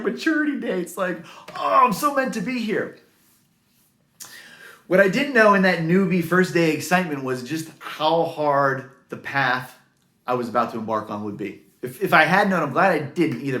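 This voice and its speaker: A man's voice: fairly high pitch, fairly bright tone, reverberant. A man telling his own career story in an earnest, heartfelt way, with many fillers. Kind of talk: personal story to camera.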